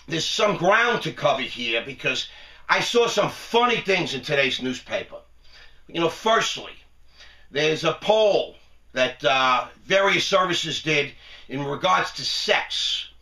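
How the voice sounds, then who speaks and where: A man's voice: on the high side, vocal fry, bright, forceful tone, echoey room, far from the mic. A middle-aged man hosting his own show, talking to camera in a boastful, joking way and laughing at his own lines. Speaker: online show host. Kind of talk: casual monologue to camera. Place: television studio.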